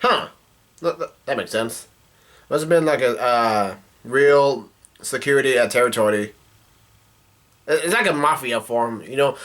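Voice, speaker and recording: Guy vlogging a comic recap, mid-pitched, rambly, lots of ums. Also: measured pace, long pauses, a bit bright. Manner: rambling with many fillers and restarts. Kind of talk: casual chat reacting to a comic chapter.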